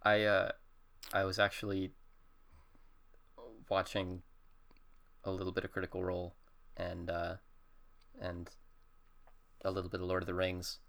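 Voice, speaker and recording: A man co-hosting a casual podcast who runs tabletop games, speaking hesitantly with many pauses and restarts. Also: low-pitched, monotone, vocal fry, a bit bright. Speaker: podcast co-host, game master. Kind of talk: casual chat.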